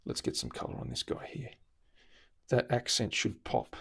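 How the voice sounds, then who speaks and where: With a lowish voice, vocal fry and a breathy edge, an Australian man speaks at normal speed during a live-stream demonstration. He's a luthier in his guitar workshop, relaxed and chatty, explaining things as he goes.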